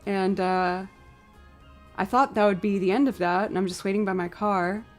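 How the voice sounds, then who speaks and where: A woman's voice: medium pitch, normal speed. Woman on a live stream telling a story, acting out what everyone said, faint music under her voice. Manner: animated storytelling, acting out both sides of a conversation. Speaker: livestream musician. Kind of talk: casual chat with live stream viewers.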